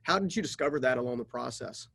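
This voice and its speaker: A man's voice: medium pitch, expressive, fast, gravelly, fairly bright tone, husky. A man hosting an interview, encouraging his guest with short affirmations and questions. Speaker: host. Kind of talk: interview chat.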